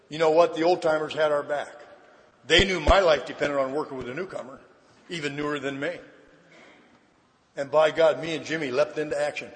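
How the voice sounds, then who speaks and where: High, bright older man telling stories. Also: a little fast. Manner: animated storyteller, shouts punchlines then drops low and quiet. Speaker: recovery meeting speaker. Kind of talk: personal testimony talk. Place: large convention hall. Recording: reverberant hall recording with faint ambience.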